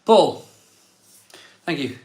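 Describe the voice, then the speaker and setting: A man's voice: very slow, warm tone. A man hosting a live stream who reads out viewer messages and says his thanks with emotion, repeating words over and over. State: emotional, catching his breath. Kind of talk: casual live stream chat. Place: home room set up as a virtual pub. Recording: echoey room.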